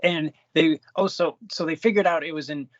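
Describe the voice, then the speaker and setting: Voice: mid-range voice, steady tone, moderate pace, no room sound, highs cut off. A podcast co-host chatting casually about a movie, laughing often and stumbling through restarts. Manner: hesitant, laughing, trails off in restarts. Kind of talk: casual movie-review chat.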